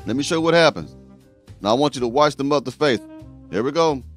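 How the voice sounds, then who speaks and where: Male host doing reaction commentary, blunt and preachy, mid-pitched voice. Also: animated, quick pace, faint music behind.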